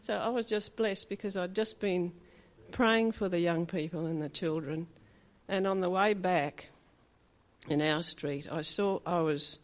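A woman's voice: lowish voice, unhurried. An older woman tells her church about a recent experience. Her storytelling is chatty and meandering, full of small asides. She brings her story to life by acting out the voices of the people she met. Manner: chatty storytelling, acts out quoted dialogue. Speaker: church member giving a testimony. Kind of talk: spoken testimony at a church meeting.

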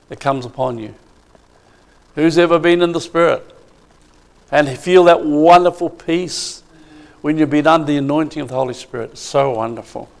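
Slow, gravelly male preacher. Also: a little high. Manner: emphatic, asks the congregation questions. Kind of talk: sermon.

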